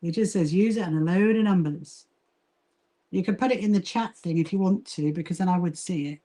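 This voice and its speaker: A woman from Brighton, England, with a southern English accent, chatting casually on a livestream while she sews and greets viewers by name. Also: on the low side, brisk. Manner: chatty, reads and greets viewer comments, frequent fillers and laughs. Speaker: livestream host, quilting association founder.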